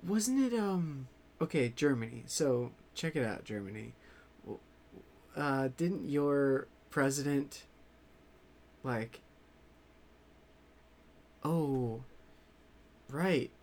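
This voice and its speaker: A man chatting casually to his viewers in a rambling way, swearing freely and halting often on fillers. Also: medium pitch, expressive, a little mellow. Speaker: vlogger.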